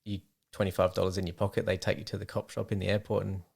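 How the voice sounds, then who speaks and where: Deep, gravelly man. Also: fast talker. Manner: relaxed, laughs often, plain-spoken. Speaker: podcast guest, hunter. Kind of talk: casual chat.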